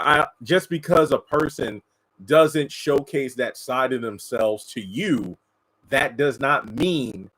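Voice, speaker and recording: A man giving casual commentary on a TV episode, answering chat comments and mocking characters in high put-on voices. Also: fairly bright tone, low-quality recording. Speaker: TV show reviewer.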